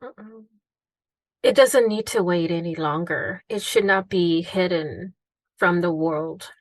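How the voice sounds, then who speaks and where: A woman's voice: fairly low pitch, slow pace, no room sound. A woman hosting a true-crime podcast interview, speaking in an earnest, heartfelt and reflective way. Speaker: podcast host.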